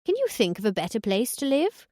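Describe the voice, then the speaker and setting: Lady voicing a blunt old woman, swears a lot, dry deadpan, audiobook. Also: a little high, brisk, no echo, pitched above the performer's own voice. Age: older. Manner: blunt and crude, dry put-downs. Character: blunt, foul-mouthed older woman living on a cruise ship. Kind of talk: audiobook dialogue.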